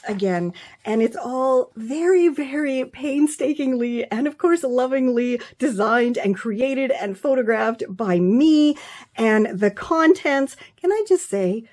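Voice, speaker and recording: A woman's voice: fairly high pitch, darkish tone. A woman vlogger talking through her own books, gushing and effusive, often trailing off and restarting, so moved she is near tears. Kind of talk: excited casual show-and-tell.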